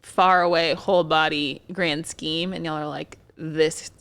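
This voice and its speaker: A relaxed woman with a lowish voice chats on a podcast in a dry, close sound. She fills her talk with "like" and "y'all" and mocks coworkers when she quotes them. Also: normal speed, gravelly, no echo. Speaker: podcast co-host, occupational therapist. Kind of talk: casual chat.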